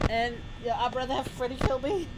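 A man voicing the adult male anime hero Goku in a high, strained cartoonish voice, yelling crude insults in panicked comedic gameplay commentary. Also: lively intonation, measured pace, noisy background. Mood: scared. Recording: loud game music behind.

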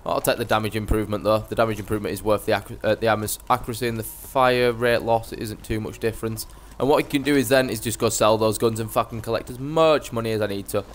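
A man's voice: on the low side, steady tone, fast talker, hardly any pauses, a little hiss or hum. A young man giving brash, sweary live commentary as he streams a game.

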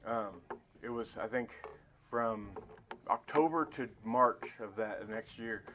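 A man giving his personal testimony at a church Sunday school, speaking haltingly with many fillers and restarts, often emotional. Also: lowish voice, background noise.

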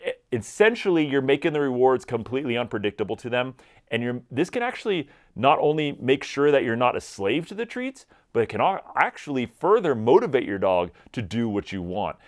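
A man giving energetic, conversational dog training advice directly to his viewers. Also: mid-range voice, a little fast. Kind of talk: instructional talk to camera.

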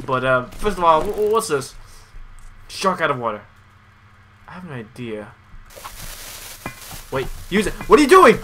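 A man commentating over his own video game playthrough, excitable and quick to yelp when something surprises him. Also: slight background noise. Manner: excitable, yelps and jumps in pitch when surprised. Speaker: gaming channel host. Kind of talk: let's play commentary. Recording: music playing behind the voice.

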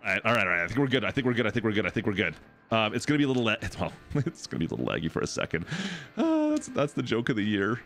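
A man streaming live farm gameplay, chatting excitably with his viewers and talking to the game. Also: on the low side, racing, soft background music. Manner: excitable, chatty, talks to chat.

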